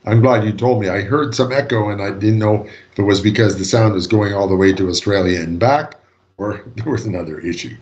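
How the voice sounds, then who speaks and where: A man's voice: lowish voice, fairly quick, darkish tone, lo-fi sound. A man with a Canadian accent giving a joking, easygoing guest lecture over a video call. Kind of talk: casual remote lecture.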